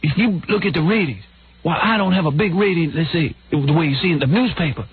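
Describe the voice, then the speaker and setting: A man's voice: fairly high pitch, quick pace, husky, pitched above the performer's own voice. A man putting on the voice of an indignant, pushy older male TV comic who stammers through exasperated rants. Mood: pleading. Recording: tinny phone-like radio broadcast.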